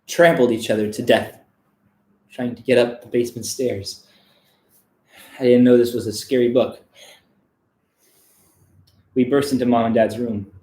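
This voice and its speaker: A man giving a deadpan, mock-serious reading of a children's book on a live stream, breaking off for crude asides. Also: medium pitch, echoey room.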